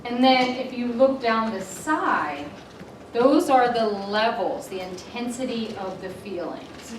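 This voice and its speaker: A woman's voice: on the high side, expressive, slow pace. A middle-aged woman leading a coaching workshop, chatty, telling self-deprecating stories between her points. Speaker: workshop facilitator. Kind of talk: classroom instruction. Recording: echoey room from far off, noisy.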